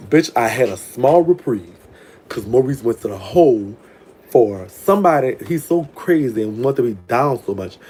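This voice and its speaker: New guy spilling a story, cussing a lot, mellow soft tone, a bit of hiss. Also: medium pitch, animated, moderate pace. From New Orleans. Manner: frank, profane, chatty, with laughs. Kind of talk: casual storytime monologue.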